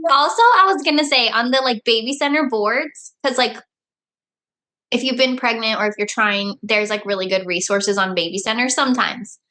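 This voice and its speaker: A woman co-hosting a podcast, chatting casually and reacting quickly to her co-host. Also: fairly high pitch, sharp tone. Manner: chatty, quick reactions, laughs while talking. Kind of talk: casual chat.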